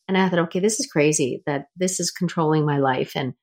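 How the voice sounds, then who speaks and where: A woman's voice: sits low, a little fast, a little mellow. A middle-aged woman hosting a casual interview, telling stories in a chatty way with many restarts. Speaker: host.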